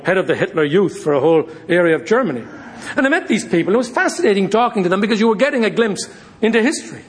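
A man teaching a Bible study in a lively, high voice. He tells stories, jokes with his listeners and keeps things informal. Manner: animated, jokey, addresses listeners as guys. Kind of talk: informal sermon with storytelling.

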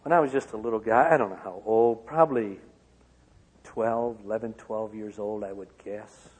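A man from Michigan giving a personal testimony to an auditorium, swinging from loud outbursts to hushed lines. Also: on the low side, moderate pace, husky. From Michigan, USA. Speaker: speaker. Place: large auditorium. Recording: long hall reverb.

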